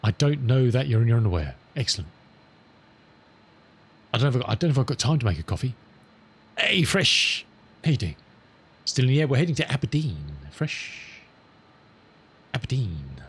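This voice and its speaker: Guy, middle-aged, easygoing streamer who rambles to chat, mid-pitched voice, plain everyday tone. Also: big pitch swings, slightly rough. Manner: chatty, rambling, self-amused, reads radio calls slowly. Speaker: live streamer. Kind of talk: casual chat with viewers while flying.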